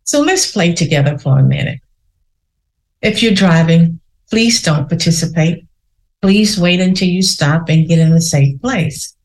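A woman with a lowish voice leads listeners through a guided meditation. She speaks very slowly and soothingly, lingering on each repeated affirmation. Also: animated. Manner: slow, soothing, repeats phrases. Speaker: podcast host.

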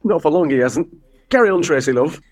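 A man's voice: a little high, lively intonation, brisk, darkish tone. A man playing a harried, exasperated man directing a village nativity play in an audio comedy. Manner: brusque and exasperated.

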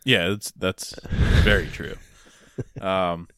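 A man co-hosting a podcast, chatting casually with laid-back, deadpan jokes. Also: deep voice, very slow, no echo, studio quality. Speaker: podcast co-host. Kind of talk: casual chat.

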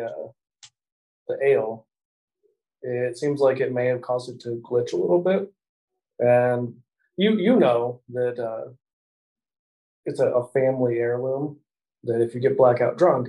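Mellow-voiced man running a tabletop game. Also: mid-range voice, low-quality recording. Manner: relaxed, laughs often. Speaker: game master.

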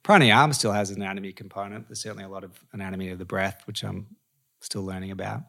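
A man's voice: low voice, fairly even intonation, fast, gravelly, fairly bright tone. A man who teaches yoga, a guest in a casual interview, speaking thoughtfully and often restarting his sentences.

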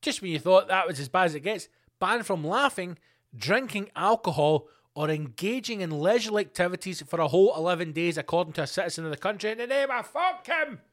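A man's voice: high voice, animated, fairly quick, fairly bright tone. A man hosting his own podcast, rambling through a profane, casual solo rant full of fillers and asides. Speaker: podcast host.

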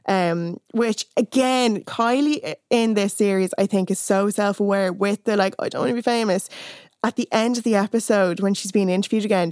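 A woman's voice: medium pitch, darkish tone, smooth, no room sound, studio quality. A young adult woman, chatting casually on a podcast, recapping scenes and acting out quoted lines with plenty of fillers.

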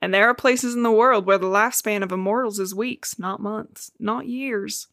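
A woman's voice: medium pitch, normal speed, gravelly, a bit bright, no echo, studio quality. A woman with a Midwestern American accent, co-hosting a casual book podcast, chatty and swearing freely. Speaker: podcast co-host.

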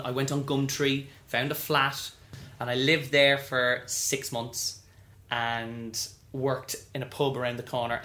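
A man telling stories as an interview guest, animated, often acting out what others said. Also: mid-range voice, roomy sound. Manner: animated, acts out quoted voices. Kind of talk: storytelling interview.

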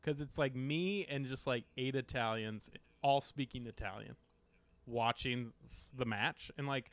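A man's voice: mid-range voice, unhurried, fairly bright tone, no echo. An American man chatting casually on a podcast, telling a story with lots of likes and you-knows. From United States. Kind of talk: casual chat.

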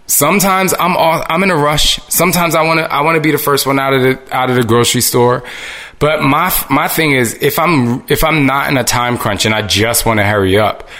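A man talking in a casual, earnest monologue to his listeners, animated and full of restarts. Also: mid-range voice.

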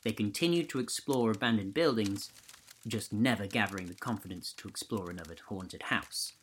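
A man hosting a podcast, reading a ghost story aloud in a steady, measured way. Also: fairly low pitch, slight background noise, low-quality recording. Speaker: podcast host and narrator.

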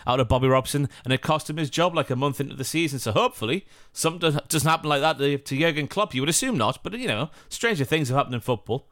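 A man, co-hosting a casual football podcast and telling stories with animated energy and frequent laughs. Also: fairly high pitch, quick pace, few pauses, no echo. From northeast England. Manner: animated, laughs often, storytelling. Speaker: podcast co-host.

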